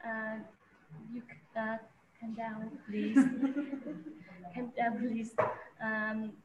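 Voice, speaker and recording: A woman's voice: on the high side, steady tone, extremely slow. A woman acting as a doctor in a medical role-play, hesitant and full of fillers. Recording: muffled, roomy, faint background noise.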